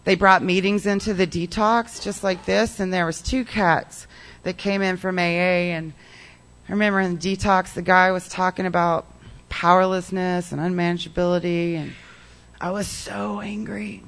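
A speaker at a recovery meeting, telling their own story in a candid, animated way, full of "like" and "you know", and acting out old conversations. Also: mid-range voice, moderate pace. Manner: candid and animated, acts out past dialogue; peppers speech with "like" and "you know".

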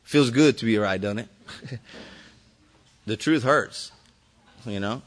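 A man at a recovery meeting tells a group his own story. He talks in a loose, easygoing way, full of "you know"s and restarts, with some mild swearing. His pitch sits in an ordinary middle range. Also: takes it slowly. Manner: casual, rambling, many fillers and restarts, light swearing, laughs often.

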